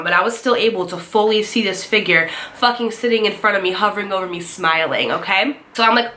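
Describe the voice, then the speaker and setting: A young woman telling a scary story to her viewers, animated and swearing, acting out the voices of the people in it. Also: medium pitch. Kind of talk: storytime chat to camera.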